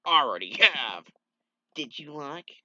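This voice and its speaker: A woman's voice: deep voice, animated, normal speed, a bit bright, no echo, highs cut off, pitched above the performer's own voice. A man reading as a stern reproachful mother. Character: stern mother demanding the father step up.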